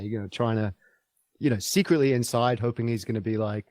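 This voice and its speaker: A man's voice: lowish voice, fairly even intonation, fast talker, a little mellow, no echo. A man guest on a podcast interview, telling a travel story in an enthusiastic, rambling way with many fillers and restarts.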